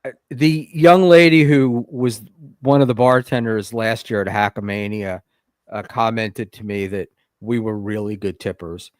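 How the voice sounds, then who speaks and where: A man's voice: fairly low pitch, fairly even intonation, a little slow, no echo, clean studio sound. A man co-hosting a casual podcast, talking hesitantly with many fillers. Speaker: co-host.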